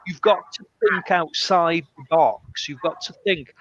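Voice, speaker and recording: A man's voice: a little high, measured pace, no room sound. A man, an English teacher, telling stories in a casual conversation and acting out the voices in his quotes. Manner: animated, acts out quotes with shifting voices. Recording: muffled lo-fi sound with faint noise.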